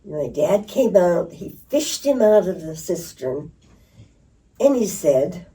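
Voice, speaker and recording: A woman's voice: lowish voice, slow. An older woman telling stories in an interview, laughing and acting out voices. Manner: lively storyteller who laughs and acts out voices. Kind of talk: reminiscing storytelling. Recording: distant mic.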